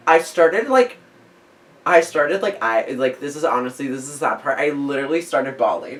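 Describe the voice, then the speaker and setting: A man in his twenties, a podcast host, telling a story in a casual, animated way, full of fillers and acted-out quotes. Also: mid-range voice, normal speed, recorded from a distance, poor audio. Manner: animated, filler-heavy, acts out quoted lines.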